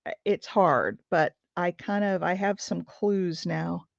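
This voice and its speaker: A woman with a low, creaky voice speaks slowly while hosting a craft livestream, chatting casually with viewers and thinking aloud as she works. The audio is dull, with no echo.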